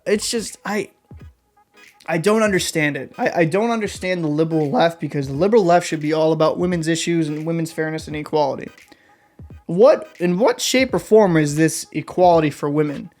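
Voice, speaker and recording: A man's voice: fairly high pitch, brisk, darkish tone, soft background music. A young man hosting an opinion vlog, talking in a blunt, heated and combative way. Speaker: vlog host. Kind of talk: opinion commentary rant.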